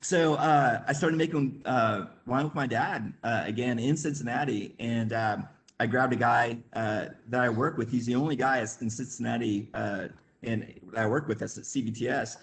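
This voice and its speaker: Speaking at normal speed with a medium-pitched voice, a Midwest-raised man appears as a webinar guest. His casual, rambling story is full of fillers, laughter and acted-out quotes.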